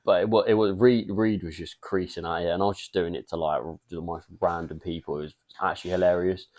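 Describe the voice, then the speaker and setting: A man's voice: low voice, fairly even intonation, quick pace, a little mellow. A young English man co-hosting a casual chat, rambling through stories and laughing often. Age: young adult. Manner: laid-back, laughs a lot, rambling storyteller. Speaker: podcast co-host.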